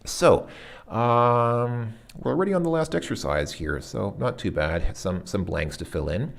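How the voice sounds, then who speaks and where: Low creaky man thinking aloud. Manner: hesitant, searching, self-correcting; sounds out foreign words haltingly. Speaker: language lesson host. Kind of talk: thinking aloud through a workbook exercise.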